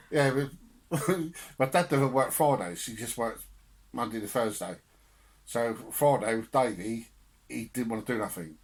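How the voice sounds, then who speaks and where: A man's voice: mid-range voice, slow pace, pauses often. A young man on a podcast telling family stories with laughter and swearing in casual chat. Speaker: podcast co-host.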